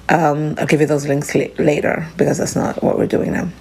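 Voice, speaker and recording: South African woman, podcast host, low gravelly voice, halting and emotional solo talk. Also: level tone, a little mellow, rough recording.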